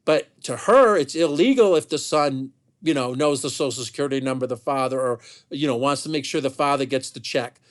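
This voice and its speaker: A man telling a family story in an unscripted monologue, heated and animated, with many restarts and asides. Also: mid-range voice, fairly quick, hardly any pauses.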